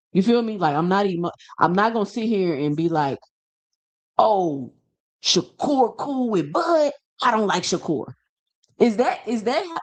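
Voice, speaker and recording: A man hosting a boxing show, ranting casually and emphatically to camera, firing off rhetorical questions and repeating himself. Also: high-pitched. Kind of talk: casual opinion rant to camera.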